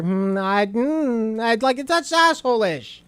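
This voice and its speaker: A male commentator reacting to a clip with sarcasm and plenty of profanity. His voice sits high and jumps around a lot. The sound is close and dry, with no room around it. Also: sing-song, normal speed, fairly bright tone, no room sound. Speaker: host.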